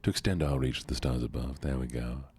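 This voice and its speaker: A man streaming a game in a soft-spoken, laid-back way, chatting with viewers and thanking them. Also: very deep voice, quick pace, slightly rough.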